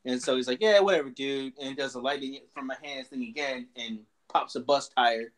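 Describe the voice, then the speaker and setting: A podcast co-host in casual movie chat, relaxed and agreeable, using slang. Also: male voice, medium pitch, brisk.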